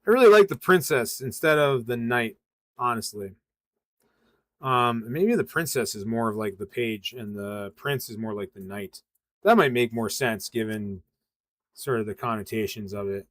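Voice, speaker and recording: A man's voice: mid-range voice, lively intonation, moderate pace, a bit bright, dry recording. A man from western Massachusetts hosting a live tarot reading, talking casually with a loose, rambling flow and plenty of ums and uhs. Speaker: tarot reader hosting a livestream.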